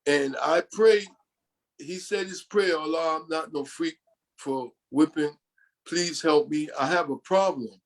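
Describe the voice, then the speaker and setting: An older man from New York speaks as a podcast guest with a somewhat high voice. He rambles through personal stories and keeps slipping into quotes of what others told him. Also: unhurried. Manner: rambling, often quoting others. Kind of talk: storytelling in an interview.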